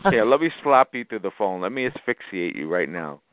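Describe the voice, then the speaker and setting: A man's voice: on the low side, very animated, a little fast, no room sound. A man from Boston on a conference call, talking in a brash, taunting way and laughing at the other callers. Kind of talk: trolling phone chat. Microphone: phone. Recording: tinny phone line.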